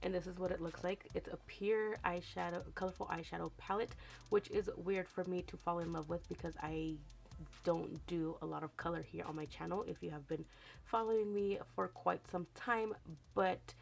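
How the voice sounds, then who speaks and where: A young woman with a raspy morning voice, chatting casually through a makeup tutorial and correcting herself as she goes. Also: lowish voice, steady tone, normal speed. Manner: chatty, rambling, self-correcting. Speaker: beauty vlogger.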